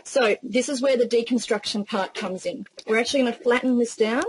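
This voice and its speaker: A woman's voice: a little high, brisk, husky, rough recording. An enthusiastic woman with an Australian accent demonstrating a barbecue recipe in a casual, gushing way. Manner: enthusiastic, gushing, laughs often. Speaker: cooking demonstrator.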